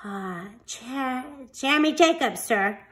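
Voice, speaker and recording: A woman voicing an eager young boy at the beach who talks in a rushed, high voice. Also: very animated, pushed and bright, exaggerated voice. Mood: eager, excited.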